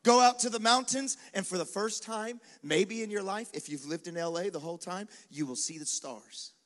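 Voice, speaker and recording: A male pastor preaching a sermon in a lively, conversational style, with quick acted asides and dares to the congregation. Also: high-pitched. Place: large venue with live congregation. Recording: long hall reverb.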